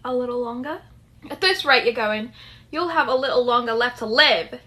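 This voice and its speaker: A woman's voice: fairly high pitch, animated, normal speed, sharp tone. A woman voicing a blunt, sarcastic young woman who is independent and stubborn. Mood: scolding. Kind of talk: dramatic story reading.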